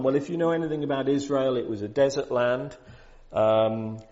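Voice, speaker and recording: A man preaching a sermon in a conversational way, building to loud, emphatic peaks. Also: medium pitch, steady tone, a little fast, gravelly. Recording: dull lo-fi sound.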